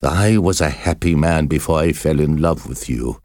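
A man's voice: extremely low pitch, a little mellow, dry recording, clean studio sound, voice pushed down. A man doing a tormented obsessive priest. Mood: desperate. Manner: slow agonized confession. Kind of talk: storybook reading.

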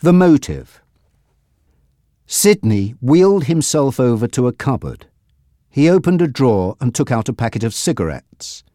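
A man reading a story aloud as narrator, slow and expressive. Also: medium pitch, dry recording, clean studio sound. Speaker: audiobook narrator.

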